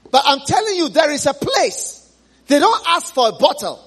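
Animated high-voiced preacher telling a story. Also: male voice, normal speed. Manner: storytelling, dramatic exclamations. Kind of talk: sermon. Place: church.

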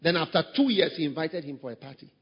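Husky high-pitched male pastor, lively sermon with mimicked voices, muffled sound. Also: fast, long reverb tail. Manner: acts out quoted voices, shouting high mimicry.

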